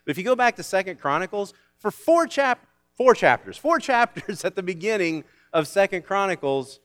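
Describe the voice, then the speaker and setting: A man preaching from the pulpit with a slightly raised pitch. He delivers his sermon emphatically, moving between loud commands and quiet, conversational asides. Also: sing-song, normal speed. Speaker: pastor.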